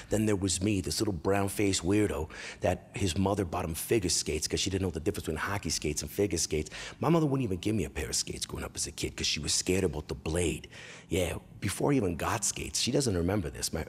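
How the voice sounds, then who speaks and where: A Canadian man in his forties, a comedian hosting his own show, telling a crude, animated life story and breaking into loud impressions and yells. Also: low voice, slight background noise. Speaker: comedian host.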